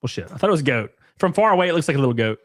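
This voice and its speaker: A man's voice: fairly high pitch, animated, rapid-fire, no echo. A man streaming live, reading chat and rambling through loose, crude takes with frequent laughs. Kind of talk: casual livestream chat.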